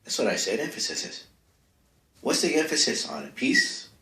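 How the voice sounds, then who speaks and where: A man's voice: medium pitch, very animated, moderate pace, bright, forceful tone. A man hosting a comedic advice segment, talking in a rambling, offhand way full of asides, close to the mic in a small home studio. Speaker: comedic advice-column host. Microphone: close microphone. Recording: echoey bare room.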